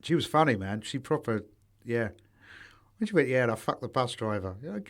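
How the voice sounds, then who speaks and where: A man's voice: medium pitch, big pitch swings, brisk. A man co-hosting a casual podcast chat, swearing freely and telling anecdotes with quoted voices. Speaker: podcast co-host.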